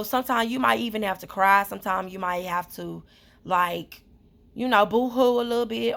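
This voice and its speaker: A woman's voice: medium pitch, fairly bright tone. A woman vlogger talking earnestly and rambling, with many fillers and repetitions, in a casual heartfelt monologue.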